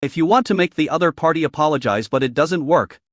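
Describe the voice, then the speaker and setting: A man's synthetic voice reading the lines of an indignant young man defending a rich heiress, in a flat, even way. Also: on the high side, quick pace, dry recording, clean studio sound, close to an everyday voice.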